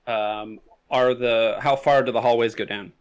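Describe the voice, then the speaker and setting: A man takes part as a player in a tabletop game, his voice at an ordinary middle pitch. He talks in a questioning way, checking details one after another before he acts. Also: fairly even intonation, unhurried, clear, resonant tone. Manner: inquisitive, asks many questions.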